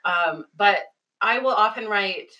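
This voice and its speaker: A young adult woman co-hosting a podcast, telling animated classroom stories with frequent laughter. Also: medium pitch, slow, dull audio. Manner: animated storytelling, laughs often, acts out kids' voices. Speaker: podcast co-host. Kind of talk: casual chat.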